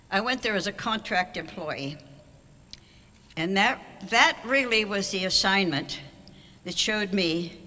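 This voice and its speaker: An older award honoree gives a wry, anecdotal banquet speech at a podium microphone in a large auditorium, with long hall reverb. The voice is mid-range, bright, and forceful.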